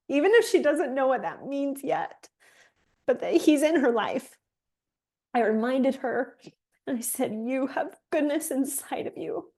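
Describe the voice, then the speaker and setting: A young adult woman gently guiding a reflection exercise, talking softly and emotionally with slow encouraging words. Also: high-pitched. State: emotional, near tears. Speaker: fitness coach leading a guided exercise. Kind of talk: guided reflection exercise on a live call.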